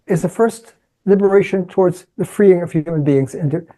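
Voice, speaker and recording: Woman podcast guest, warm mellow timbre, emphatic preaching delivery, repeats words for emphasis. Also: on the low side, normal speed. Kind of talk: impassioned philosophical discussion.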